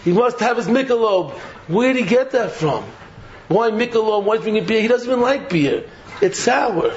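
A man giving a Torah sermon, animated and mocking, laughing through his points, throwing out rhetorical questions and repeating himself. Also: high voice, moderate pace, slight background noise. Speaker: Torah teacher. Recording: dull lo-fi recording.

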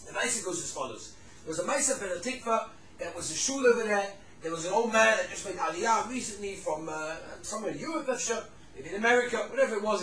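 A man giving a Torah class to a room of listeners, telling stories with lively swings between loud emphasis and hushed tones. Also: sits high, reverberant, distant mic, rough recording. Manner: animated storyteller, drops to hushed tones for the sad parts.

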